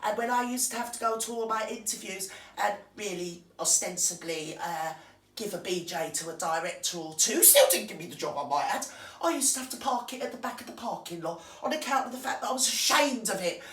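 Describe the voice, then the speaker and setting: A woman's voice: medium pitch, brisk, a bit bright, lightly acted. A woman putting on a simpering, self-pitying celebrity woman to mock her. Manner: simpering, affected. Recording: roomy, distant from the mic.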